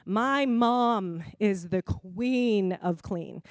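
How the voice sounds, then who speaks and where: A woman preaching a sermon in a conversational, expressive way, laughing often. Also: mid-range voice, drawn-out words, dry recording.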